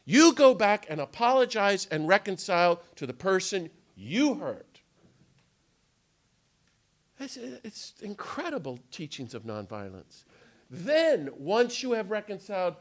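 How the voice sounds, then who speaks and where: Man, animated storytelling lecture, excitable, theatrical, somewhat high voice, very lively pitch. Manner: fast, excitable, theatrical delivery. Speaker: speaker at a nonviolence day. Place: indoor gathering room.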